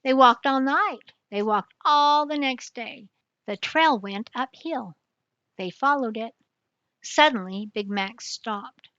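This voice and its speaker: Slow, bright older woman reading a storybook. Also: a little high, no echo, lo-fi sound. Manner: slow, clear, even reading. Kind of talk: reading a picture book aloud.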